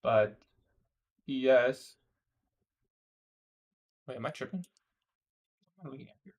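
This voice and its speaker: Young male streamer, laid-back and conversational, reads chat aloud, mid-pitch everyday voice. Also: measured pace, highs cut off. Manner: casual, says "bro" often, laughs at odd questions. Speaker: day trader livestreaming. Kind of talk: casual livestream chat reading viewer questions.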